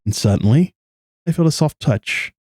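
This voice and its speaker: A man's voice: fairly high pitch, lively intonation, normal speed, background noise, close to an everyday voice. A man reading an anxious lovesick student. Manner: earnest, trembling inner monologue. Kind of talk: reading game dialogue aloud.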